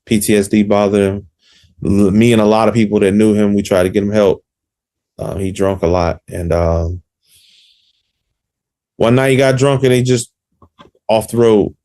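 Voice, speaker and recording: A man answering interview questions, hesitant and halting, with many fillers. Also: fairly low pitch, steady tone, warm tone.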